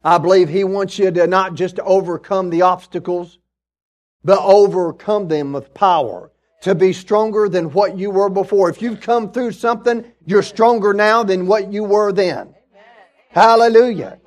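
A man with a high, bright voice preaches a lively sermon. He builds up to shouting exhortations, then drops into humorous stories told with asides to the congregation. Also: moderate pace. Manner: preaching with rising shouts and call-outs; storytelling with asides. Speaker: pastor.

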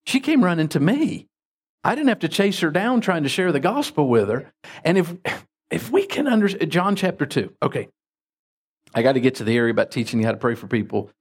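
A man preaching as a pastor, telling folksy stories with lively jumps in his voice. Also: fairly quick, breathy edge. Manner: folksy, animated anecdotes with sudden pitch jumps. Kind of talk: sermon with storytelling.

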